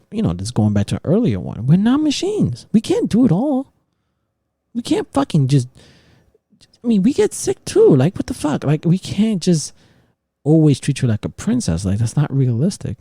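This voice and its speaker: A man hosting a casual podcast, ranting in an animated way and swearing constantly. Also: fairly high pitch, moderate pace, gravelly, husky, no room sound, clean studio sound. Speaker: podcast host. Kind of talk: casual opinion talk.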